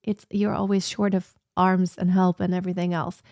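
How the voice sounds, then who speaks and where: A woman's voice: on the low side, little pitch movement, normal speed, darkish tone, no echo, studio quality. A woman in her thirties chatting casually and reflectively on a sit-down livestream from her home office, with lots of fillers. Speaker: vlogger.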